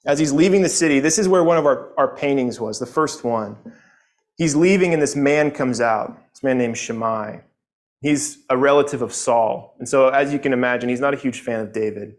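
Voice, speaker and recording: Earnest male Bible teacher, mid pitch. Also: moderate pace. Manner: earnest, conversational, repeats words as he thinks. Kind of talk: Sunday morning Bible lesson.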